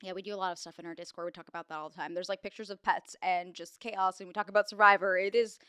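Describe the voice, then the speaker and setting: Fast, bright-voiced young woman co-host. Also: fairly low pitch, fairly even intonation, clean tone, no echo, clean studio sound. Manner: bubbly, fast and chatty. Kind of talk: casual chat.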